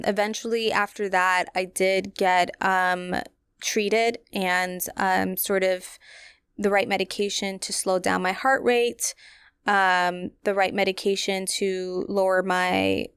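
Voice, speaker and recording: Young new woman podcasting, super candid n chatty, smooth clear voice, dry close sound. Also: medium pitch, fairly bright tone, no room sound. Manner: candid, conversational, many fillers, addresses listeners directly. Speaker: podcast host. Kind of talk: personal storytelling, casual.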